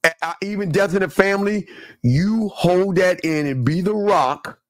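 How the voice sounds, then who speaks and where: A man hosting a casual talk show, animated and preachy, often repeating himself. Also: high voice, normal speed, dry recording, studio quality. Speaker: podcast host.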